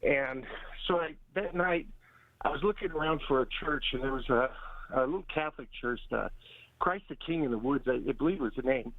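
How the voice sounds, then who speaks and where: A man calling in to a radio show, telling a rambling personal story with halting restarts. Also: mid-range voice, dry recording. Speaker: caller. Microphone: telephone. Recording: phone line.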